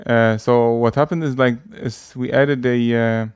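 A man's voice: mid-range voice, steady tone, a little slow, darkish tone, smooth, no echo. Hesitant man explaining, dry sound. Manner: hesitant, many fillers and restarts. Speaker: language teacher. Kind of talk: casual explaining.

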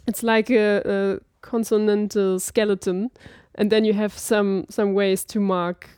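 A woman's voice: medium pitch, little pitch movement, measured pace, a little mellow, clear, resonant tone, no echo, clean studio sound. A woman chatting casually as a learner, thinking aloud in a tentative way. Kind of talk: casual chat.

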